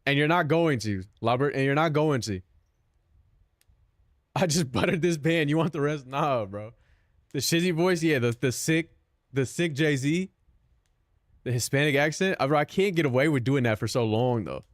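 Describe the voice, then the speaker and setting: A man's voice: a little high, animated, moderate pace, long pauses, no echo, clean studio sound. A young man streaming and chatting casually with his viewers, joking, swearing and mocking himself. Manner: self-mocking, profane, joking.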